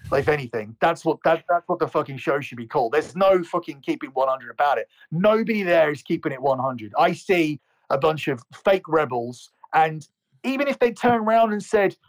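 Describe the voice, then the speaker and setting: Man, podcast co-host, heated profane rant, stumbling repeats, slightly high voice. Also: animated, a little fast. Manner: profane, fired-up ranting with repeated words.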